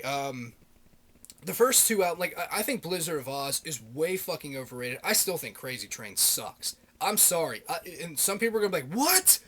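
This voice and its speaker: A married man vlogging about his favorite metal albums, swearing constantly in an animated, ranting way. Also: medium pitch. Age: adult, married. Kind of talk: casual rant.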